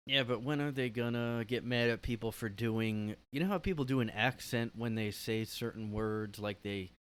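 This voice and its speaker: A man hosting a casual solo podcast from his room, rambling and hesitant, full of "like". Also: fairly low pitch. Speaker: podcast host.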